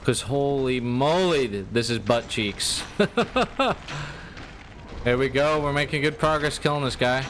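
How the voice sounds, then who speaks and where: Young male gamer, excitable commentary with lots of exclamations; slow-talking, noisy USB mic. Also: mid-range voice. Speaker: let's play gamer. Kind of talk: live gameplay commentary. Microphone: USB desktop microphone.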